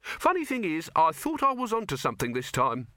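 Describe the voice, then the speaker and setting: A man's voice: a little high, wildly swooping pitch, brisk, pushed and bright, no echo, clean studio sound, pitched above the performer's own voice, exaggerated voice. A man voicing a gloomy, doubtful male alchemist in an audiobook, in a raised, wistful voice. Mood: glum. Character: old fussy male alchemist, gloomy and sighing.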